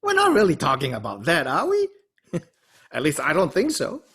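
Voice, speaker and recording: A man leading a study class responds to a student fairly quickly in a slightly rough voice. He's animated, swinging across a wide pitch range, mixing in rhetorical questions and little laughs.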